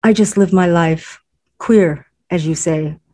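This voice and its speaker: A woman's voice: on the low side, slow pace. A woman reading as a coy young Korean woman. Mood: blasé. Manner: slight accent, coy and relaxed.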